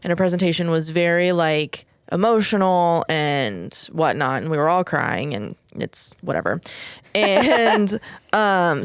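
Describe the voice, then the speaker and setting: A woman telling a personal story in relaxed podcast chat. Her voice is smooth and crisp, set a little low, and the recording sounds dry and close. She talks candidly, with plenty of "like" and "whatever.". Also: no echo. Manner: swears casually. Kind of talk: casual chat.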